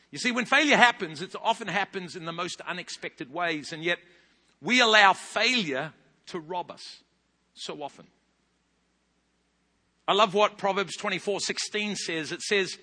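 A man in his fifties with a New Zealand accent, preaching a sermon as a pastor, telling stories animatedly and rising into loud bursts. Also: high-pitched, unhurried, pauses often. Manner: animated storytelling with big loud rises. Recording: long hall reverb.

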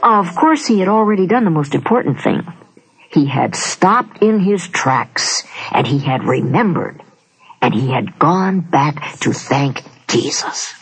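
Animated woman telling a children's story. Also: low voice, creaky. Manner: animated, questioning the young listener, dramatic pauses. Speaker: narrator. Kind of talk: children's Bible story narration. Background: guitar music.

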